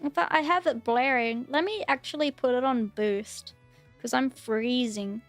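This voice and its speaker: High-voiced Australian woman streamer. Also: measured pace, soft background music. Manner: chatty, rambling, repeats herself. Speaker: VTuber streamer. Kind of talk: casual live-stream chat.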